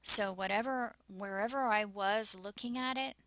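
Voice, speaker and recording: A woman's voice: medium pitch, moderate pace, fairly bright tone, no echo. A woman vlogging anxiously over a map, shaken and close to tears, often dropping into whispers. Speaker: YouTuber sharing visions.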